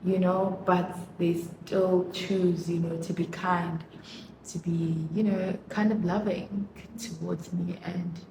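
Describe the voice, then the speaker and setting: Woman chatting slow while she does her makeup, gushy and emotional, lots of "like" and "you know", roomy echo and noise behind. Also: fairly low pitch, flat delivery, creaky. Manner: emotional, gushing, many fillers. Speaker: vlogger. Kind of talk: casual chat while doing makeup.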